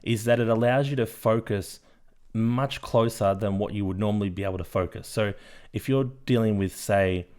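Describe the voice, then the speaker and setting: A man's voice: fairly low pitch, moderate pace, a little mellow, smooth. A male podcast co-host explaining his topic in a rambling, casual way. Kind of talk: casual chat.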